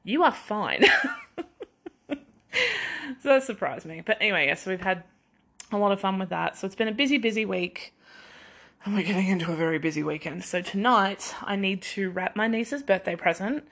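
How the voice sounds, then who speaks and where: A woman's voice: medium pitch, normal speed, long pauses, fairly bright tone. A young adult woman hosting a podcast on her own, rambling in casual chat and laughing at herself often. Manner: rambling, chatty, self-deprecating, laughs often. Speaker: podcast host.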